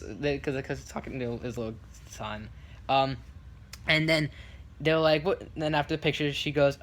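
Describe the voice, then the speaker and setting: A man telling a casual story on his vlog, rambling with many restarts and fillers and bringing it to life by acting out what others said. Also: on the high side. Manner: lively retelling with quick quoted voices. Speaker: vlogger.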